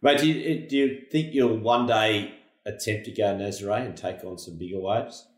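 A relaxed Australian man hosts a podcast, speaking in a lowish voice. He talks in an easygoing way and keeps it casual, with an echo from the room around him. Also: normal speed. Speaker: podcast host. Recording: roomy echo.

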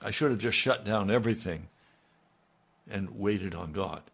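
Slow gravelly older male pastor. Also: on the low side, a bit bright. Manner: slow, earnest, dropping to near-murmurs. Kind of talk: radio sermon.

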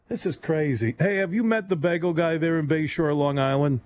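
A man hosting a late-night radio talk show, rambling and animated, laughing often as he talks. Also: a little high, brisk, hardly any pauses, no echo.

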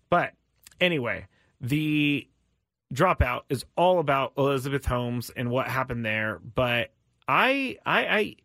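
A man hosts a casual sports talk show. He rambles and restarts often, and his voice leaps upward when he gets worked up. His voice sits a little high and sounds dry and close. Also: a bit bright, no echo. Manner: rambling, chatty, with frequent restarts and sudden pitch jumps. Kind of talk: casual chat.

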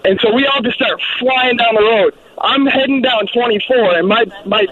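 A man from Massachusetts calling into a radio show, telling a lively story of his youth. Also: extremely high pitch, moderate pace, over a noisy crowd. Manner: animated storyteller. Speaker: caller. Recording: lo-fi phone line.

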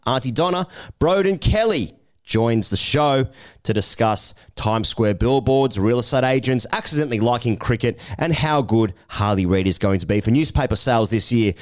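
An Australian man hosting a podcast, reading a jokey intro and chatting with a wry, deadpan humour. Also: mid-range voice, moderate pace. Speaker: podcast host. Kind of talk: scripted show intro then casual chat.

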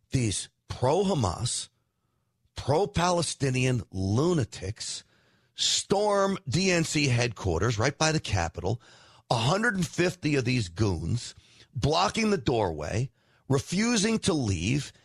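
A man's voice: on the high side, slightly rough, no echo. A middle-aged man hosting a political show, delivering an emphatic, indignant opinion monologue. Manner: emphatic, indignant, rising to near shouts.

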